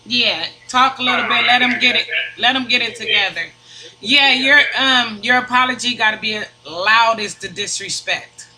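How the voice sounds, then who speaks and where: A man co-hosting a debate, making calm, brief interjections. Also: very high-pitched, normal speed, slight background noise, rough recording. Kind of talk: casual chat.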